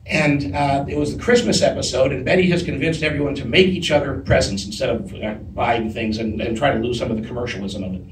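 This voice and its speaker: A man telling a story to a live audience on stage, animated and often breaking into laughter. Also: medium pitch, fast talker, few pauses. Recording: echoey distant live room recording with noise.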